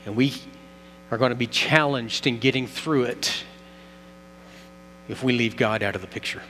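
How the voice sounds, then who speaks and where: A man's voice: medium pitch, normal speed, pushed and bright. A man preaching a sermon as pastor, telling a story earnestly and building emphasis. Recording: long reverb, faint mains hum.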